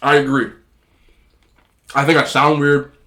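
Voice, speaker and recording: Between mouthfuls, this food vlogger rambles through a casual mukbang chat on camera. His voice is a man's, medium in pitch and slightly nasal, delivered flatly and a little slowly with a bright, forceful edge.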